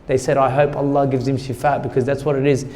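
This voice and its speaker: A man's voice: mid-range voice, little pitch movement, fast talker, a little mellow, in a large hall. A middle-aged man, a guest in an interview, earnestly telling a personal story and repeating words when he gets emotional.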